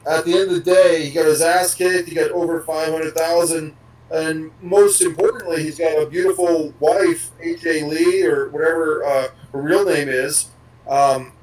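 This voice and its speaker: A man's voice: on the high side, distant mic, rough recording. A man co-hosting a podcast, rambling casually and swearing now and then. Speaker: podcast co-host.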